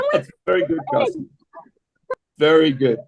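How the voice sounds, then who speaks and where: A man's voice: very high-pitched, a little hiss or hum, low-quality recording. An older man with an English accent, teaching an acting class in a chatty, encouraging way and praising his students often.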